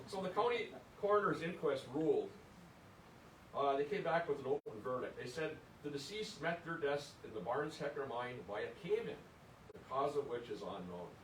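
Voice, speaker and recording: An older male presenter delivers an earnest, indignant lecture, picked up from a distance in an echoey room. A faint rumble sits under his mid-pitched voice. He often repeats words as he restarts a thought. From Upper Peninsula of Michigan. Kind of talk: public history lecture.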